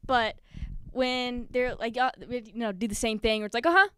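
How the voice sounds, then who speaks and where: A woman's voice: fairly high pitch, normal speed, clear, resonant tone, no room sound. Nervous, giggly woman telling a story. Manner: nervous and giggly, with animated acted-out quotes. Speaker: spoken word performer. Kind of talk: personal story told live on stage. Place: stage at a live community event.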